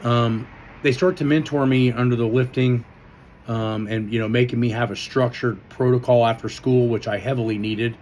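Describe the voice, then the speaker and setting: A man's voice: mid-range voice, steady tone, normal speed, darkish tone, slight background noise. A man, a strength coach, telling his life story in a loose, casual way, with many fillers and some swearing. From Indiana, US.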